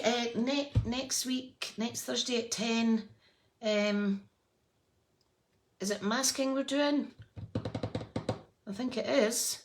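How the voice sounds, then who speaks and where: A woman's voice: on the high side, lively intonation, drawn-out words, long pauses. A woman hosting a live scrapbooking demonstration at her craft table, chatting, thinking aloud and humming as she works, and greeting viewers by name. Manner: chatty, thinks aloud and hums while working. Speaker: craft host.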